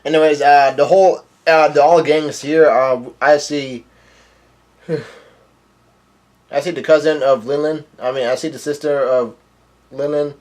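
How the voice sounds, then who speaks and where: A man's voice: fairly high pitch, steady tone, measured pace, long pauses, a little mellow. A man reading a comic chapter aloud with casual commentary, reading the dialogue in a plain, offhand voice. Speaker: manga chapter reader.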